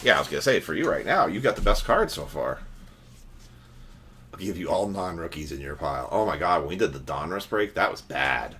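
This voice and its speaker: A man's voice: low voice, big pitch swings, a little fast, fairly bright tone, slight background noise. A man hosting a trading card break livestream, chatting casually and teasing his viewers.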